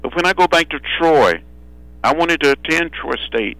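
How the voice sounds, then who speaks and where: Bright, dry-voiced older man. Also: on the high side, animated, dry recording, low-quality recording. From Alabama. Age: 70s. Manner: measured, repeats phrases for rhythm. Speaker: guest. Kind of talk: phone interview storytelling. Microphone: telephone.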